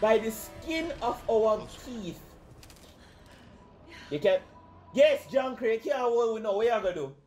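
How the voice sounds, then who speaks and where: A man with a Jamaican accent commentating a game, loud and excitable, yelling and joking in patois as he plays. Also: very high-pitched, unhurried, long pauses, soft background music. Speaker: gamer commentator. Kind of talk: let's-play commentary.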